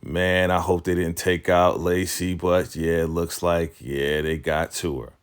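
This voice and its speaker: A chatty man with a low, deep voice recaps a TV drama episode in a loose, conversational way. He fills his talk with asides and chuckles. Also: little pitch movement, a little slow, clear, resonant tone. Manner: chatty, laughs often, lots of fillers like "I mean" and "right?". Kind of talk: casual recap commentary.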